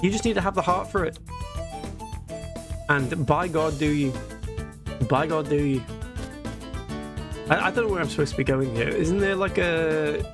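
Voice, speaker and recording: Guy rambling jokes on a game stream, kinda raspy, alarm and music loud behind him. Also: fairly high pitch, normal speed, long pauses. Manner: joking, rambling, reads game text aloud. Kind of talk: casual live-stream gameplay chat.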